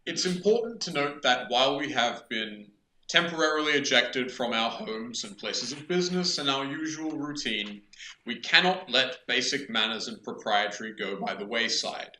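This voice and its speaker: A man's voice: mid-range voice, lively intonation, moderate pace, sharp tone. A man playing a pompous, formal doctor who lectures on manners and decorum. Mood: stern. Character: pompous, proper male doctor, stern about manners. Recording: echoey room with light noise.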